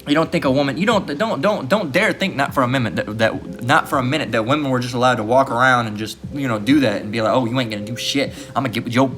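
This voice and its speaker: A man's voice: mid-range voice, quick pace, hardly any pauses, a bit bright. A man preaching in a blunt, crude rant, swearing freely and tagging nearly every sentence with "all right?". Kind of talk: profane street preaching rant.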